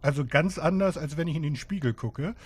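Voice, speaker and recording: A man's voice: a little high, fairly quick, slightly rough. A man with a German accent giving casual gaming commentary as a let's player, full of joking asides and mock-serious remarks.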